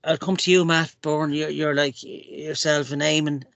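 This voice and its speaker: A man's voice: a little high, level tone, normal speed, creaky, fairly bright tone, no room sound. A man hosting a casual chat, affable, thanking co-hosts and passing the conversation on. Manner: affable, hands over to guests. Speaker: podcast host.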